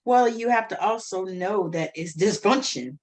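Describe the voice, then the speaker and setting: A woman's voice: medium pitch, lively intonation, normal speed. A woman co-hosting a casual talk show, speaking frankly and bluntly. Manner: frank, plain-spoken, blunt. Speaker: podcast co-host. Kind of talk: casual conversation.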